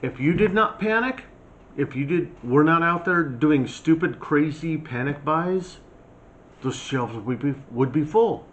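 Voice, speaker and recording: A man's voice: on the high side, expressive, unhurried. A man ranting in a blunt, mocking, scolding monologue as a prepper vlogger. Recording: slightly dull lo-fi sound, faint hiss.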